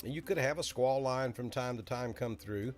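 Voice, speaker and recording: A man's voice: mid-range voice, moderate pace, soft background music. A middle-aged man from Alabama with a Southern accent, hosting a casual live weather chat in a folksy, chatty way. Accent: Southern American, Alabama.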